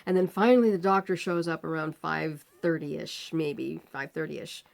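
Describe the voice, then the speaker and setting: Speaking at a moderate pace in a low voice with some vocal fry, a woman vlogger shares a personal story. She's casual and animated, acts out the quoted voices and laughs now and then.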